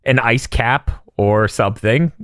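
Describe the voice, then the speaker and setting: A man's voice: mid-range voice, a little slow, no room sound, studio quality. A man co-hosting a podcast, casually recapping a film and acting out its lines with bursts of laughter. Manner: animated storyteller who acts out lines with laughter. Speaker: podcast co-host.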